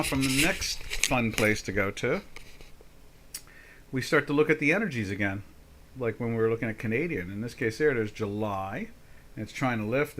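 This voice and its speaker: An older man runs a live trading session, chatting his way through price charts. He talks in a folksy, easygoing way, breaking in with jokes and mock exasperation. His voice sits at an ordinary middle pitch for a man. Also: a bit bright. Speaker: trading webinar host. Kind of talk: casual live market commentary.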